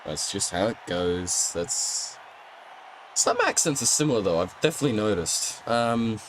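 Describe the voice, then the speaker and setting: A young Australian man with an Australian accent, sick and sounding rough, chatting casually to his stream while he plays and often laughing. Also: lowish voice, expressive, normal speed, slight background noise, low-quality recording. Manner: rambling, laughs often, talks to chat while playing. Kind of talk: casual gaming stream chat.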